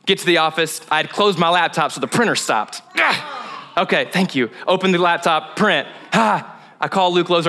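In church, a young male pastor delivers a sermon, telling a funny, self-mocking story from his week and acting out his inner dialogue, laughing along the way. His voice is on the high side with a sharp tone.

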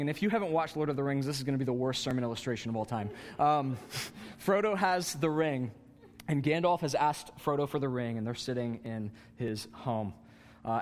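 A male pastor delivers a lively, humorous sermon, his voice rising sharply when he drives a point home. His voice sits a little high for a man. Long reverb from a large church room hangs behind every phrase. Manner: animated, climbs higher in pitch for emphasis, self-mocking humor.

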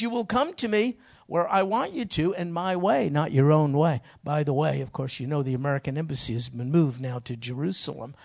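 A man's voice: fairly high pitch, gravelly, breathy edge. A middle-aged man preaching a sermon as pastor, emphatic, with sudden rising outbursts.

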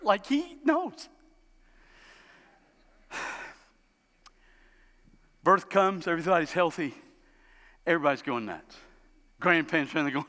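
A man preaching a sermon as a pastor, animated and storytelling, acting out the people he describes. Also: slow pace, long pauses. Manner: animated, acts out quoted parents in high voices. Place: church sanctuary. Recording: long hall reverb.

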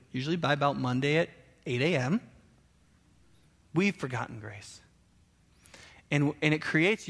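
Man preaching, high lively voice, conversational, long hall reverb. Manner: animated, conversational, frequent rhetorical questions. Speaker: pastor. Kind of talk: sermon.

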